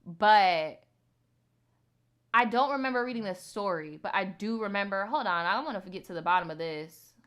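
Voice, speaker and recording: A woman with a bright, forceful voice hosts a storytime video. She reads viewer stories aloud and then chats casually with her audience, blunt and full of profanity. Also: medium pitch, moderate pace, clear, resonant tone. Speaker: storytime host.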